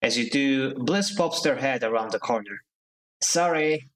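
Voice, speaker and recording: Reading a story game's text out loud on stream, this man speaks at a normal speed with a mid-range pitch. He cuts in between sections with easygoing jokes, and the recording sounds rough.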